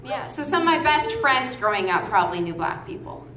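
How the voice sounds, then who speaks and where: A woman in her twenties from Massachusetts doing a stand-up set on a music hall stage, with deadpan delivery and stammering restarts. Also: fairly high pitch, a little fast, noisy background. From Massachusetts, outside Boston. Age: 20s. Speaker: stand-up comedian opening act. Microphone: stage microphone. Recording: echoey club recording with loud crowd. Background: audience laughing.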